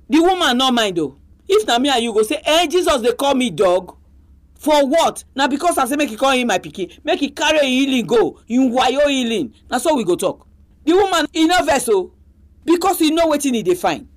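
Nigerian woman preaching with lively pitch. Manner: exhorting, full of rhetorical questions. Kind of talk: sermon in Nigerian Pidgin.

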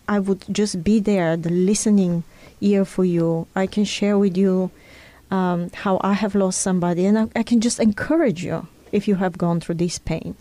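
A woman's voice: mid-range voice, dark tone. A woman in an earnest conversation, explaining ideas in a teaching tone and drawing on personal examples. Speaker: speaker in a conversation.

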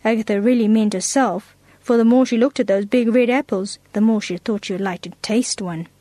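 A woman reading a children's story aloud in a gentle, expressive way. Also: a little high, a little fast, no room sound.

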